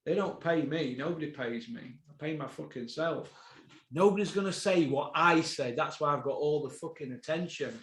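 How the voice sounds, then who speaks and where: A man hosting a boxing podcast, ranting, swearing and bursting into shouts. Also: on the high side, normal speed, roomy sound.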